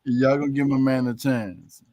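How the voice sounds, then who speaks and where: A man's voice: mid-range voice, fairly even intonation, moderate pace, poor audio. A man calling in to a sports talk stream, often repeating words as he builds his point. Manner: repeats words while getting going. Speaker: caller.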